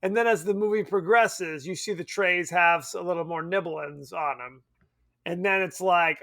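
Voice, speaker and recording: High-voiced man chatting about movies. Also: normal speed, dry recording, clean studio sound. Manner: animated, laughing, swearing casually. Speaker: podcast co-host. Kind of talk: casual film discussion.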